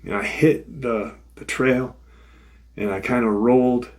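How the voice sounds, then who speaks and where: A man's voice: medium pitch, steady tone, a little slow, darkish tone. A man hosting a paranormal channel, casually retelling a witness's encounter in first person, swearing freely and repeating "he said". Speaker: paranormal podcast host.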